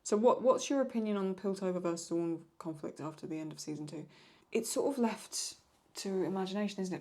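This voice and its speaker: A woman's voice: fairly low pitch, darkish tone. A woman chatting casually as a video host, rambling through viewer questions and often stopping to apologize or paraphrase. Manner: rambling, paraphrasing lines, apologizes for getting stuck. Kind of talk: casual chat.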